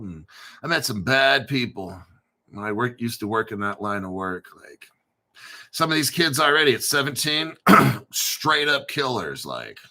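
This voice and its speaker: A man's voice: mid-range voice, pushed and bright. A middle-aged man hosting a livestream, chatting casually and rambling with profanity and frequent laughter. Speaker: livestream host.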